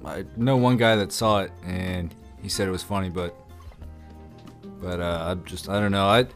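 A man's voice: deep voice, steady tone, normal speed, soft background music. A man in casual chat, blunt and grumpy, often answering tersely.

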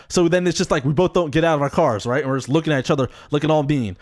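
A man in casual chat, telling a story in an animated and profane way. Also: fairly high pitch, racing, hardly any pauses.

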